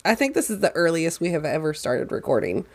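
Lively, giggly woman podcaster. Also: deep voice, brisk. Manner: giggly, loose and chatty. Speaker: podcast co-host. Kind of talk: casual podcast chat.

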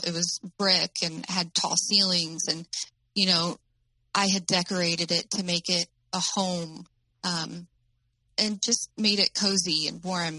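A woman telling her own story as an interview guest, in a halting way with many fillers. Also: fairly low pitch, bright, forceful tone, dry recording, low-quality recording.

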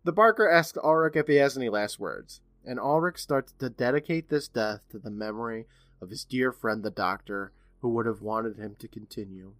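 A man's voice: medium pitch, moderate pace, no room sound. A man co-hosting a podcast, retelling a TV episode in casual chat and putting on voices for the characters he quotes. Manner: animated storyteller, puts on voices for quoted characters. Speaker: podcast co-host recapping an episode.

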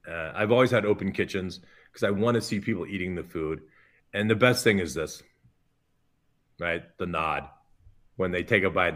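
A middle-aged chef, a man, telling self-mocking anecdotes in a podcast interview, full of quick asides. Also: low-pitched, a bit bright. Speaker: chef guest.

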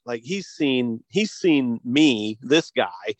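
Halting, chuckling American man telling a story. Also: medium pitch, expressive, no echo. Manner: halting, many restarts and chuckles. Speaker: guest, hearing device company co-founder. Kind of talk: casual storytelling interview.

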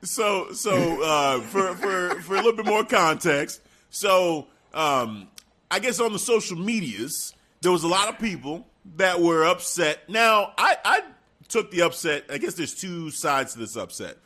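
Animated man recapping wrestling. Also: sits high, a little slow. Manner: animated, acts out quotes, laughs often. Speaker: podcast co-host. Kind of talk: casual wrestling recap chat.

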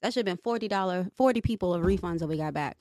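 A woman's voice: lowish voice, rapid-fire, darkish tone, dry recording, clean studio sound. A young woman co-hosting a podcast, venting in casual chat and swearing freely. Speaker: podcast co-host.

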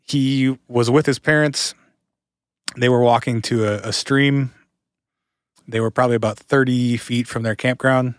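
Male podcast co-host, mid-pitched, steady storyteller, dry studio sound. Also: a little slow, pauses often, dry recording. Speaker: podcast co-host telling the stories.

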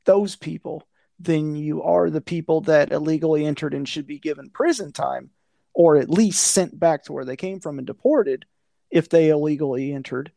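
A man's voice: a little high, normal speed, gravelly, dark tone, dry recording, studio quality. A man in casual conversation, blunt and profane, ranting with a conspiratorial tone. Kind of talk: casual chat.

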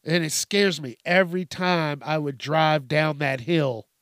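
Young man, fairly high voice, dry close mic, profane rambling comic rant. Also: fairly even intonation, a little slow, a bit bright, no echo. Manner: rambling, swears constantly, laughs at his own jokes. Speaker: podcast host.

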